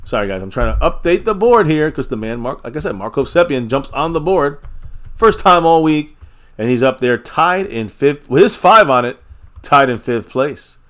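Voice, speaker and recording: A man hosts a live fan stream, talking loosely and reading viewer comments aloud as they come in. His voice sits at an ordinary middle pitch, and he is energetic in the way of a regular sports chat host. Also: moderate pace.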